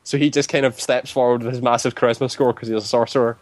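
A man's voice: mid-range voice, flat delivery, quick pace, dry recording. A man casually recounting a tabletop game session, rambling with many filler words. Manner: rambling, heavy use of "like" fillers. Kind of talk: casual storytelling.

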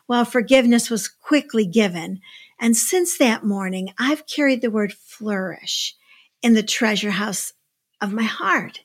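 A woman giving a devotional talk, telling a personal story in an expressive, emphatic way. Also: fairly high pitch. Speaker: devotional speaker. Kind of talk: sermon storytelling.

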